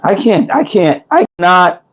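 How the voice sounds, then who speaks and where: This man's voice is high and very animated yet unhurried, captured in a rough phone recording. Hosting a casual food truck business livestream from New York, he reads comments aloud and jokes and laughs with viewers while his voice fails.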